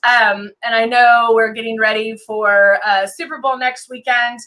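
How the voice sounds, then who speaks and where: A woman's voice: fairly high pitch, steady tone, a little slow, bright, forceful tone. A woman hosting a casual live-stream makeup tutorial, chatting with lots of ums and greeting viewers by name as she works. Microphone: desk camera and monitor setup.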